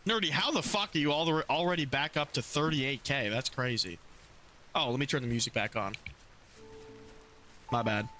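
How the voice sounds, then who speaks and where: Bright-voiced casual male streamer. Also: mid-range voice, moderate pace, long pauses, faint music behind. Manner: loose and chatty, swears casually, greets chat by name; soothing coos when calming his pet rats. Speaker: gaming streamer. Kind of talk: casual live-stream chat.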